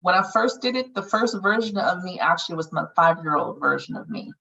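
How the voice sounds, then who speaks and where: Bright-voiced, frank woman facilitator. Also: on the low side, animated, a little fast, vocal fry, slightly rough, far from the mic, muffled recording. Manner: frank and earthy, swears casually. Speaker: healing circle facilitator. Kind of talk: casual group guidance on meditation.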